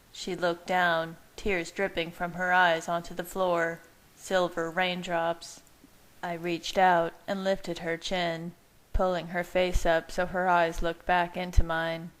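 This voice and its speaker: Soft-spoken woman reading a romance story. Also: lowish voice, flat delivery, takes it slowly, rough recording. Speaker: fan fiction reader. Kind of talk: audiobook-style story narration.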